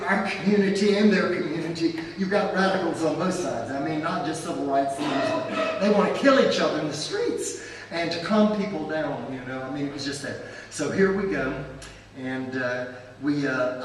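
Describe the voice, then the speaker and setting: An older man with a notably high voice tells an animated, rambling story to a crowd. He is caught from far off in a big, echoing hall with a long reverb tail and a faint hiss underneath. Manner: animated anecdotal storytelling with asides. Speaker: pastor and guest speaker. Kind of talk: storytelling talk to an audience. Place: church event hall.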